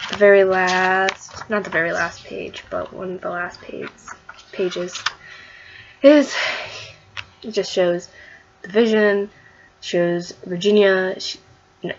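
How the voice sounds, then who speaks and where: A woman's voice: fairly low pitch, dull audio, a little hiss or hum. A woman recapping a comic book issue in a casual vlog, rambling and gushing with lots of fillers and restarts.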